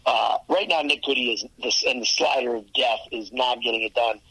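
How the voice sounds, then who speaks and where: A man co-hosting a sports podcast in casual chat, analytical and quick to correct details, with a husky voice. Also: mid-range voice, steady tone, bright, forceful tone, no echo, rough recording. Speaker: podcast co-host.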